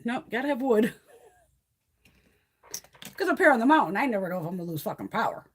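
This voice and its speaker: A woman's voice: a little high, sing-song, quick pace, slightly rough. A middle-aged woman from Connecticut, chatting casually on a live stream from her phone at home, telling rambling, profane stories. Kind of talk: casual chat. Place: home by a wood stove.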